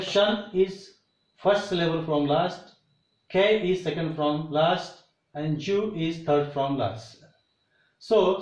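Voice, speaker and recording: A man giving a pronunciation lesson, repeating example words slowly and deliberately. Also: a little high, reverberant, highs cut off. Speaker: teacher.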